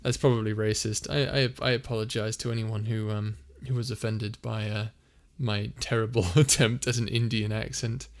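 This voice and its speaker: A young man casually chatting on a live stream, reading viewer comments aloud and laughing often. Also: fairly low pitch. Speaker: streamer and audio creator.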